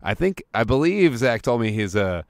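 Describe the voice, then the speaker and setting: A man's voice: mid-range voice, big pitch swings, normal speed, a little mellow, dry recording. A male podcast co-host riffs in a playful, joking way during casual chat. He speaks close to the mic, and the sound is dry.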